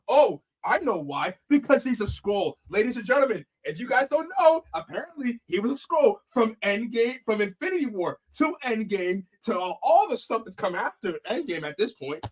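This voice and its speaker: A male movie reviewer counting down bad films on a live panel, listing complaints in an animated, exasperated way. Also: very high voice, moderate pace, few pauses, breathy edge.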